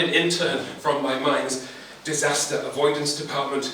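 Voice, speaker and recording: Theatrical slam poet in an echoey hall. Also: male voice, mid-range voice, moderate pace, hardly any pauses, pushed and bright. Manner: dramatic, wry, theatrical. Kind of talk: performed comic spoken-word poetry. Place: live poetry slam venue. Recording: echoey live hall, distant, noisy.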